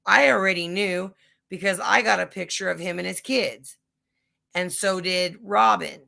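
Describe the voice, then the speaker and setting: A woman's voice: on the low side, a little slow, vocal fry, bright, forceful tone. A woman hosting a casual livestream chat, telling rambling stories full of swearing. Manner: profane, rambling storytelling. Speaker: livestream host.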